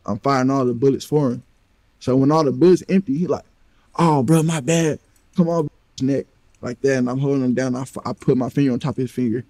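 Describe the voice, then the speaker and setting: A man recounts a story in an interview, acting out the quoted exchanges as he goes. His voice is mellow and dark, recorded dry and close with no room sound. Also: medium pitch, fairly even intonation, fast, dry recording. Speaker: interview guest.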